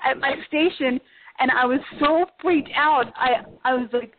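Бойкая женщина-гостья эфира рассказывает по телефонной линии: голос немного высокий, звук сжатый, как в трубке, фоном тихое шипение. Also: female voice, sits high, measured pace. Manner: animated, acts out shouted quotes. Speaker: guest, former cooking show contestant. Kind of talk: casual storytelling on talk radio. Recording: tinny phone line, faint hiss.

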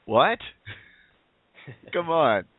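A man's voice: on the high side, sing-song, drawn-out words, dry recording. A man calling in as co-host to a talk radio show, joking and laughing often. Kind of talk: casual talk radio banter. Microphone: phone line. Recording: dry, tinny phone line.

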